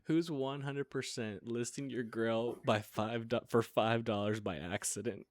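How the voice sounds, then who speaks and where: A man's voice: mid-range voice, steady tone, a little slow, no echo. A man hosting a casual chat, reading playful questions and laughing often. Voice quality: laughs often while asking. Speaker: podcast host asking questions.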